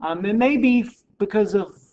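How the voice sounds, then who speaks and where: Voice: mid-range voice, normal speed, slight background noise. Wry, casual history lecturer, muffled sound. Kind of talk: recorded classroom lecture. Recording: dull lo-fi recording.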